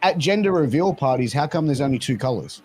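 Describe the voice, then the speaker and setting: A man's voice: medium pitch, expressive, fairly quick, a little mellow, a little hiss or hum. A man in his thirties chatting on a podcast in a laid-back way, calling people bro and dude. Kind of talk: casual chat.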